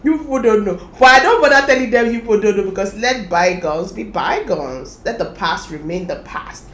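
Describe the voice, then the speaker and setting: A woman's voice: mid-range voice, brisk, reverberant, rough recording. A woman, casually sharing her own experiences and giving advice straight to her viewers. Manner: chatty, advising viewers directly, animated laughter. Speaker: lifestyle vlogger. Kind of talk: casual talk to camera.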